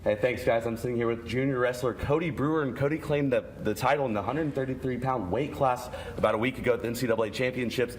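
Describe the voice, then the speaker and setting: A man's voice: mid-range voice, fast, few pauses, slight background noise. A young man interviewing a college athlete with friendly, conversational questions. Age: young adult. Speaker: student interviewer. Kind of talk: sports interview.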